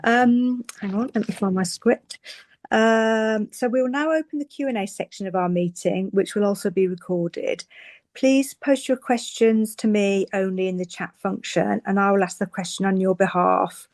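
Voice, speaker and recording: A woman's voice: medium pitch, moderate pace, a little mellow, dry recording. A woman hosting an online meeting, friendly and businesslike, reading out questions from the chat. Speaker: meeting host.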